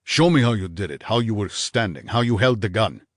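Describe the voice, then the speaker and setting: A man voicing a bitter, menacing husband in an audiobook, snarling low and clipped with contempt. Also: animated, a little fast, a little hiss or hum, natural voice. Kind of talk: audiobook character voice.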